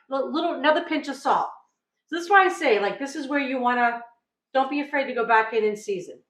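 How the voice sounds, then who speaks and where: This cooking show host, a middle-aged woman from New England, keeps her home-kitchen demonstration casual, chatty and upbeat, frequently asking "right?". Her high-pitched voice is fast and a bit bright. The audio is echoey and low in quality.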